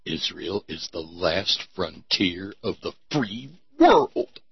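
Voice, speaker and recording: Brief: man doing a deep, grave male announcer, slow and weighty, every syllable stressed, dull lo-fi sound. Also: sing-song, vocal fry, slightly rough, no echo, full character voice. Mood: grave, ominous. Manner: slow, heavy emphasis on each syllable. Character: solemn booming male slogan announcer, grave.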